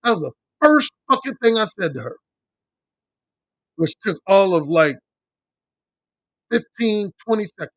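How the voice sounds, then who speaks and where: At a measured pace with long pauses, a middle-aged male dating coach responds to chat during a livestream, his fairly bright voice swinging widely in pitch with no echo. He speaks bluntly, swears freely, and repeats points for emphasis, quoting other men in a high, mocking voice.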